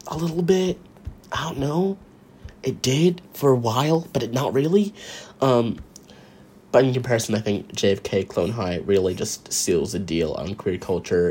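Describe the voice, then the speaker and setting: Rambling man, lowish voice. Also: a little mellow, slight background noise. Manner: rambling, self-interrupting, wry and sarcastic. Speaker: podcast host. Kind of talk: casual rambling monologue. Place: at home while drawing.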